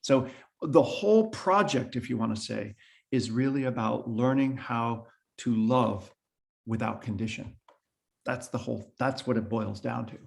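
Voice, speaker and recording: Male priest on a video call, gravelly texture, reflective teaching tone, mid pitch. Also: measured pace. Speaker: priest leading a meditation group.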